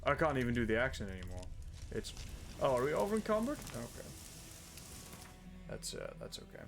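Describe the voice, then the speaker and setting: A man's voice: mid-range voice, huge pitch swings, a little fast, creaky, fairly bright tone, soft background music. A man from the Netherlands streaming a game live, joking about himself and swearing freely as he talks through his inventory. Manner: joking, self-mocking, swears often. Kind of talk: casual live gameplay commentary.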